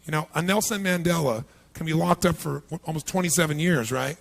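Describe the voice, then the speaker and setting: A man giving a live motivational seminar, energetic and punchy, constantly quizzing the audience with questions. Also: fairly high pitch, brisk, creaky. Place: large seminar hall with thousands present.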